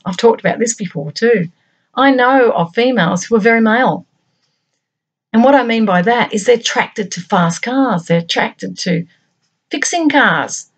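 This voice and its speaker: A middle-aged woman hosting her own channel, musing aloud in a reflective monologue of short, halting phrases. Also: fairly high pitch. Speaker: channel host.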